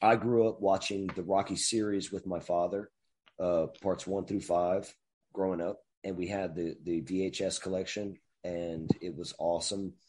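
A man's voice: sits low, fairly even intonation, normal speed, breathy edge. A man co-hosting a casual podcast chat over voice chat, laughing often and swearing freely. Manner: loud, laughing, swears a lot. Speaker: podcast co-host.

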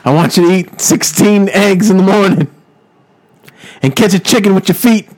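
A man doing a hyped-up gruff wrestler. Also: sits high, moderate pace, darkish tone, pitched above the performer's own voice. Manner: self-admittedly poor impression, mock-gruff. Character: loud gravelly male pro wrestler, gruff mentor.

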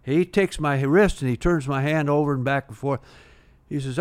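Talking at a normal speed with a clean tone, an older man who once pitched shares drawn-out anecdotes in an informal interview. He restarts often and leans on "uh" as filler.

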